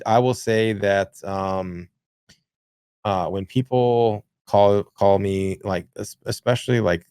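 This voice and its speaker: A low-voiced man co-hosts a casual gaming podcast. He rambles through profane, animated anecdotes with plenty of fillers. The sound is dry and close to the mic. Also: dry recording. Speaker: podcast co-host.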